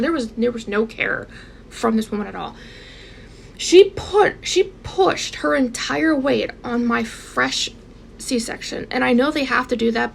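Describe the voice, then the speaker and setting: Woman in her thirties, very gravelly, fairly high voice, emotional vlog storytelling, light background noise. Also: a bit bright. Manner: emotional, emphatic, with many repeats. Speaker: vlogger. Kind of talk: personal storytelling to camera.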